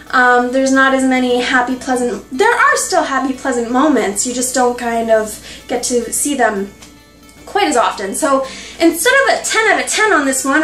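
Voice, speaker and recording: A woman giving an excited, gushing book review, giggling often and restarting her sentences with lots of fillers. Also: sits high, roomy sound, rough recording. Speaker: book vlogger.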